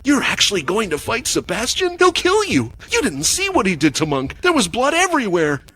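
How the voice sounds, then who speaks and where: A man voicing a panicked young male student who shouts warnings at his friend. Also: fairly high pitch, animated, moderate pace, voice pushed up. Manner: frantic, shouting.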